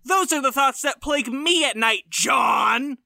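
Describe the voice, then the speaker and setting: A man's voice: extremely high pitch, unhurried, creaky, bright, forceful tone. A man co-hosting a podcast, chatting casually with dry, self-deprecating humor. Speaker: podcast co-host. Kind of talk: casual comedic chat.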